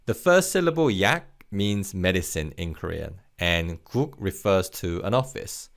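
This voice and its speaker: Lively, encouraging male language teacher. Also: sits low. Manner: clear, patient, encouraging; models words slowly for repetition. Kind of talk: recorded language lesson.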